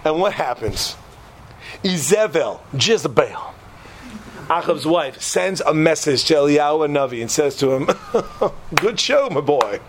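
A lively man in his thirties teaching a class. His voice sits fairly high, and he tells the story in casual slang with lots of animated delivery. A faint hiss of room noise runs under him. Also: unhurried, pauses often. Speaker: Torah teacher.

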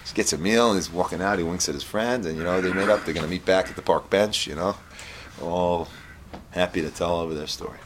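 Deep low guy telling a torah story, mixes hebrew bits, faint hiss behind. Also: brisk. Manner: mixes Hebrew quotes with English explanation, animated storytelling voices.

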